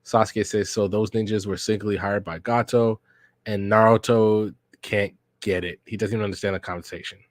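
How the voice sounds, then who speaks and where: A man casually reading a manga aloud for a reaction podcast, narrating scenes in slangy, relaxed speech and reading character lines without much change in voice. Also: on the low side, brisk, dry recording. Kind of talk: casual read-along reaction.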